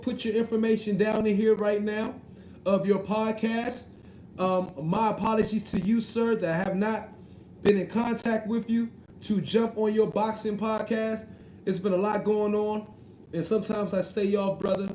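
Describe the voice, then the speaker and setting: High-voiced slangy man streaming live. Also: moderate pace, dark tone, reverberant, a little hiss or hum, rough recording. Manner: joking, slangy, repeats "you know what I mean". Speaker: livestream host reading chat. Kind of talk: casual live-stream chat.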